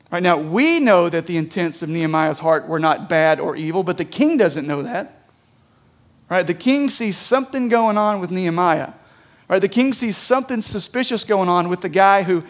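A man preaching a sermon in a conversational way. He reads scripture aloud and explains it, often checking in with listeners with a quick "right?". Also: high-pitched. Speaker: pastor.

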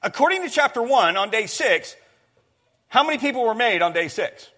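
A man delivering a sermon in a high, bright voice that swings widely in pitch. He talks emphatically, doubling back on phrases as he goes and calling on the congregation to follow along. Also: big pitch swings, normal speed. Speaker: preacher.

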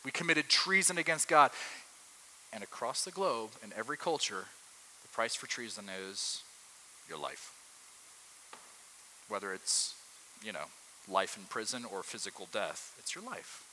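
Bright-voiced man preaching conversationally. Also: fairly low pitch, expressive, a little slow, pauses often, slight background noise, low-quality recording. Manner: conversational, asks the room frequent rhetorical questions. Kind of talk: sermon.

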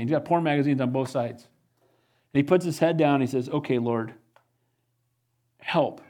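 Guy preaching, fairly high voice, gets fired up and keeps asking amen. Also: mellow. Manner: preaches with rising, fervent emphasis and repeated "Amen?". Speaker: pastor. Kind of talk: sermon.

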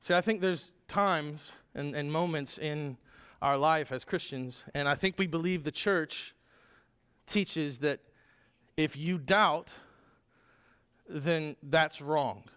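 A man delivers a sermon to his congregation with a clearly high voice. He speaks in an earnest, emphatic way and now and then stumbles and restarts a word. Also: takes it slowly, fairly bright tone. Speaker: pastor.

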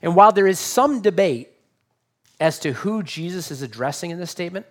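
A man preaching a sermon, swinging from loud emphasis to hushed lines and acting out the voices of the people in the story. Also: sits high, expressive, fairly quick. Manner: dynamic, swings from loud emphasis to near-whisper; acts out quoted voices. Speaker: pastor.

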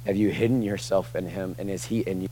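A young adult man preaching a sermon in a conversational way, dropping to quiet asides and rising to loud, emphatic bursts. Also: low-pitched, steady tone, fast talker, slight background noise, poor audio. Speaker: pastor.

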